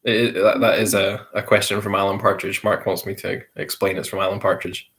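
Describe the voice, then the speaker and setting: A man's voice: lowish voice, little pitch movement, fairly bright tone. A man hosting a casual quiz, reading each question and repeating it. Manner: repeats questions slowly, with light chuckles. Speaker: quiz host.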